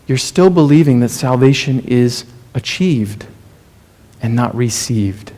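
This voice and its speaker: A man preaching a sermon, earnest and questioning, often dropping to a soft, low delivery for emphasis.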